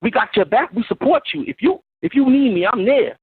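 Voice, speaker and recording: High, husky man pleading on a phone line. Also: expressive, no echo. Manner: earnest, pleading, halting with fillers. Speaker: caller. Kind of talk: call-in phone talk.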